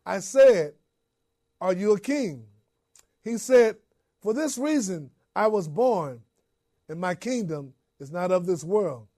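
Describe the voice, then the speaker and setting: A man preaching a dramatic first-person sermon story in a high-pitched voice. He takes his time, drawing out each phrase. Repeated refrains sink to a hush. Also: expressive, slow, pauses often.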